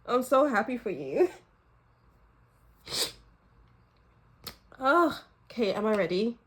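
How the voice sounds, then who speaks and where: Fairly high and sing-song with a breathy edge, her voice moves at a slow pace. The tarot reader gives a pick-a-card reading straight to her audience, effusive and emotional, frequently laughing and sighing, warm and reassuring.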